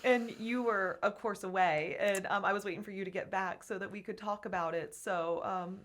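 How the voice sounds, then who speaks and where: A woman's voice: mid-range voice, fairly even intonation, normal speed. A woman guest on a podcast, chatting candidly and laughing often as she talks about her work. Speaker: podcast guest, gym co-owner. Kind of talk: casual interview chat.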